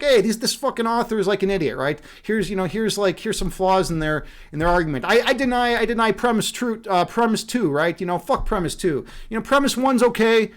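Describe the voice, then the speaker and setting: A man chatting casually on a livestream, rambling and profane, laughing often. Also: sits high. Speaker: streamer.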